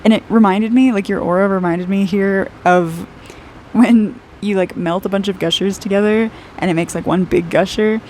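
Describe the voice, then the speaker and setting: A woman's voice: mid-range voice, fairly even intonation, moderate pace, darkish tone, slight background noise. A woman in her twenties giving a casual intuitive aura reading while she draws, chatty and rambling, dropping "like" often and laughing a lot. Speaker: aura reader and artist.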